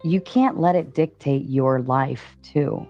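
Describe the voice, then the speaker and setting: Woman, husky soft voice, low-pitched, defiant, live-stream panel, muffled audio, faint music. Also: takes it slowly. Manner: defiant, reads out donations. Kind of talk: casual live-stream talk.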